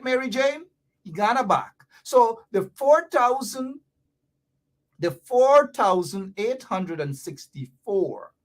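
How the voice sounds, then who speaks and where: A woman with a Guyanese accent, talking to viewers in a livestream about politics and playfully teaching local Creole phrases. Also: lowish voice. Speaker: political commentator.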